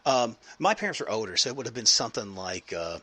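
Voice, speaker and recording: A man with a lowish, husky voice that still sounds bright and forceful. He hosts a podcast interview in a loose, rambling, jokey way. His talk is full of fillers. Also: very animated, quick pace. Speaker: podcast host.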